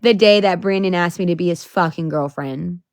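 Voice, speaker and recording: A woman's voice: fairly low pitch, normal speed, dry recording, studio quality. Emotional young woman venting on a livestream. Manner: emotional, swearing, rising to exasperated outbursts. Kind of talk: casual livestream chat.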